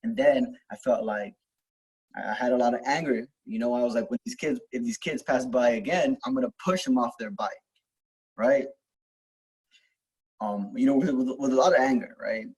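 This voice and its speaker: A man's voice: mid-range voice, normal speed, darkish tone, breathy edge, poor audio. A young man telling a personal story in casual, rambling talk, full of fillers, restarts and swearing, as host of a self-help video.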